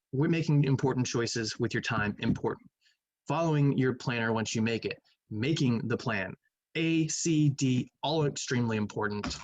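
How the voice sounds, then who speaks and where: A male math teacher gives a recorded lecture reviewing quiz answers, speaking conversationally, thinking aloud, and humming while he reads. His voice is mid-range. The recording is low quality, with a little hiss or hum.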